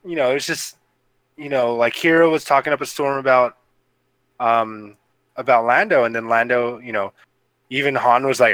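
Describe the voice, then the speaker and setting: A man's voice: medium pitch, moderate pace, pauses often, a bit bright, dry recording, low-quality recording. A man co-hosting a casual movie review podcast, rambling with lots of fillers and laughter. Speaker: podcast co-host.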